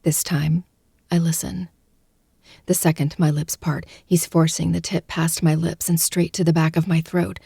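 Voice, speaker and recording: A woman narrating a first-person audiobook close to the mic, in a hushed, breathy, intimate delivery that often drops to a whisper. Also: low-pitched, level tone, measured pace, dry recording.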